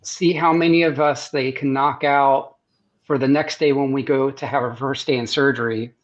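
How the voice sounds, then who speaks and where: A man's voice: medium pitch, steady tone, moderate pace. An American man, a guest artist and surgeon, telling stories in a rambling way with many restarts on a video-call podcast. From United States. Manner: rambling, restarts often, laughs at his own stories. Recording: muffled lo-fi sound.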